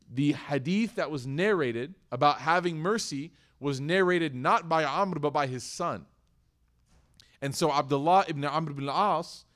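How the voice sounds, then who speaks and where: A man giving a lively sermon to an audience, acting out quoted voices and asking the room questions. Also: high-pitched. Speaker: religious teacher.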